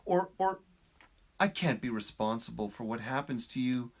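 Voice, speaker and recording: A man voicing a stubborn, panicky male frog who has lived all his life in a well, in a high, stammering voice. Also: normal speed. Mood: scornful. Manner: high, shrill, stammering and excitable. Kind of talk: storytelling.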